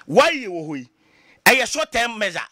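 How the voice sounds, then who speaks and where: A man with a Ghanaian accent, speaking as a political commentator in a lively talk show discussion, passionate and full of rhetorical questions. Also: high-pitched, moderate pace, no room sound, studio quality. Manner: passionate, mixing Twi and English, rhetorical questions.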